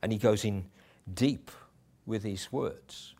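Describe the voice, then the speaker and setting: A man's voice: lowish voice, takes it slowly, warm tone. A middle-aged man preaching a sermon in a conversational way, with chuckles and restarts.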